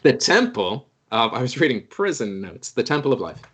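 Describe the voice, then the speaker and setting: A man's voice: medium pitch, very animated, normal speed, a bit bright, breathy edge. A man running a tabletop game as game master, narrating in a meandering, hesitant way full of fillers.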